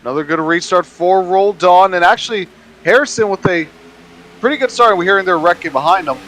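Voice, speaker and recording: A man co-commentating a sim race with joking banter and lively race calls. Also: sits high, a little fast, poor audio. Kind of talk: casual sim-racing commentary.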